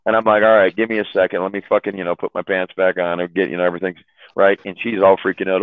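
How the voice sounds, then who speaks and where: Low-voiced man telling stories over a phone line. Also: little pitch movement, quick pace, no room sound. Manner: rambling, profane, repeats words, laughs at own stories. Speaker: chat room host telling stories. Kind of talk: casual storytelling on a call. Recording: tinny phone-line sound.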